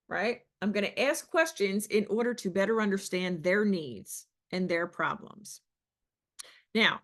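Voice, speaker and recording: A middle-aged woman sales coach talking passionately on a podcast, asking the listener questions and acting out other people's lines. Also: medium pitch. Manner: passionate, animated, rhetorical questions. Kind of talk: podcast teaching talk.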